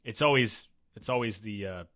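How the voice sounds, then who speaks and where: A man with a low voice asks questions in a loose, offhand way and drops the odd swear word. His voice sits close to the mic, dry and free of echo. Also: moderate pace. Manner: relaxed, blunt, swears casually. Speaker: podcast host. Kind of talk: casual interview.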